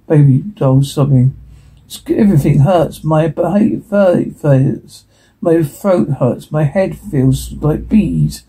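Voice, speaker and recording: A man's voice: a little high, slow, warm tone, breathy edge, poor audio. A man reading a TV episode transcript aloud, running the dialogue and stage directions together in a plain reading. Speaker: transcript reader.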